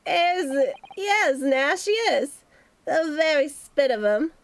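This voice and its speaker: A woman's voice: sits high, expressive, slow, no echo, exaggerated voice. A woman voicing a hesitant male thief, reading game lines.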